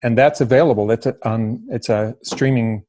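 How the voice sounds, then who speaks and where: Male host interviewer with a mellow, warm tone, supportive and full of quick backchannel nods. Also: medium pitch. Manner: supportive, frequent short backchannel replies. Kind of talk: casual interview.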